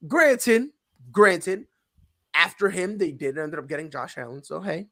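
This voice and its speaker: A man hosting a sports talk show, joking loudly and acting out little scenes as he argues. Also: high voice, expressive, unhurried, vocal fry. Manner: loud, joking, acts out voices. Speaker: show host.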